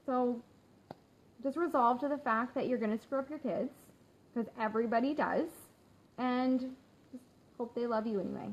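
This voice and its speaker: A woman's voice: on the high side, moderate pace, long pauses. A woman in her thirties, a work-from-home mom, chatting candidly to viewers in a casual live stream, with lots of fillers and easy laughter. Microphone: phone. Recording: slightly dull phone audio with faint hum.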